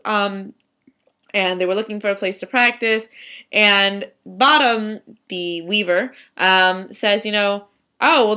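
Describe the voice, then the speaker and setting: A woman's voice: medium pitch, pushed and bright. A young woman chatting casually in a video journal about a student theater trip, rambling with many ums and restarts.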